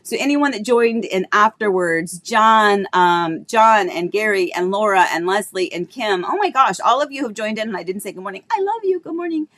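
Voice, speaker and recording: Middle-aged woman realtor, live-stream host; bubbly, chatty, warm greetings, slight throat tickle. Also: medium pitch, moderate pace, hardly any pauses. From Florida, United States. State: tickle in her throat, coughing. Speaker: real estate agent hosting a live stream. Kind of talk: casual live-stream chat.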